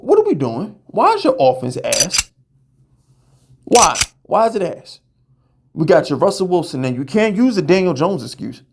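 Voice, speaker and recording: A man hosting a fan show, ranting heatedly and profanely, often stammering and repeating words as he fires questions. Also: high voice. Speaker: podcast host.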